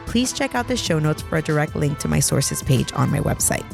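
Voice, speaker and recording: A woman's voice: low voice, sing-song, brisk, creaky, over music. A woman in her thirties hosting a podcast, telling a story in a chatty, self-mocking way into a close microphone. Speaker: podcast host. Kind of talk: casual storytelling. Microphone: close podcast mic.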